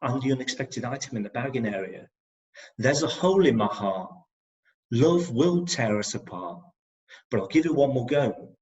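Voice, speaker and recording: A man with an English Midlands accent performs his rhyming poems on an online video call and talks between them with wry humour. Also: mid-range voice. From England. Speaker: performance poet. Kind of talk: spoken-word poetry reading with comic asides. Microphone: video call microphone. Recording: dull lo-fi video call audio.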